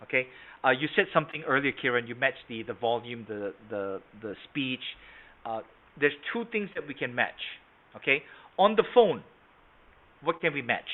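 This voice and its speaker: A man leading an online sales training session. He talks interactively, calling participants by name and asking "right?" and "okay?", and he shifts between a soft tone and a strong one to demonstrate his points. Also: medium pitch, animated, moderate pace. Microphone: video call. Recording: tinny phone-like online call audio.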